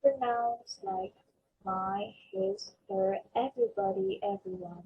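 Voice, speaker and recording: A young woman student presenting a pronunciation lesson, reading example words slowly and carefully. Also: mid-range voice, breathy edge. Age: young adult. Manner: slow, careful reading of word lists. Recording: slightly dull lo-fi recording.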